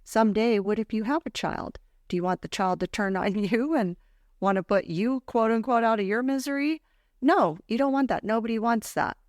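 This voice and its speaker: In a clean, roomless studio recording, a woman hosting a faith podcast shares a personal story with heartfelt earnestness. Her voice is on the high side and her pace moderate, keeping the talk casual.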